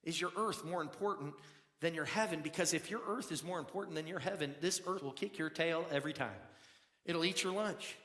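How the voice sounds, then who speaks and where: High bright-voiced pastor in an echoing hall. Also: male voice, fairly quick. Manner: conversational, repeats words as he builds emphasis; swings from low confiding tones to loud emphatic bursts. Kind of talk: sermon. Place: church sanctuary. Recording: echoey hall, long reverb.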